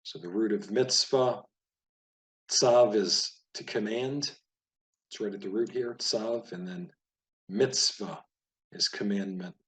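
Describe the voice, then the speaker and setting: A man teaching Biblical Hebrew reading, patiently explaining and slowly repeating each word. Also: lowish voice. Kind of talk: casual spoken lesson over a page of words.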